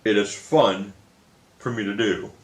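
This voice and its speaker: A man's voice: lowish voice, fairly even intonation, unhurried. A young man telling a story in a casual, frustrated rant, swearing often and repeating himself. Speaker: video creator. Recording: echoey room.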